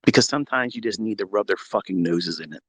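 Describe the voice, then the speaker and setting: A middle-aged man hosting a live audio chat as a trading mentor, talking unscripted from his home basement in a profane, combative way that swings into loud tirades. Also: fairly low pitch, quick pace, dry recording.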